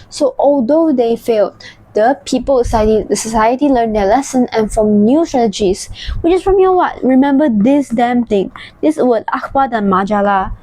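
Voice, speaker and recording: Young malaysian woman tutoring history, higher voice, dry close sound, mixes english and malay. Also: darkish tone, no room sound. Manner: switches between English and Malay, explains keywords while drawing. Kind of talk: casual exam revision lesson.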